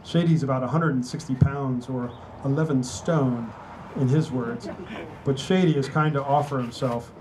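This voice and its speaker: A man's voice: mid-range voice, fairly even intonation, moderate pace, a little mellow, a little hiss or hum, low-quality recording. A man, an author, reading his novel aloud in a wry, conversational storytelling manner at a book party. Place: indoor venue at a book party.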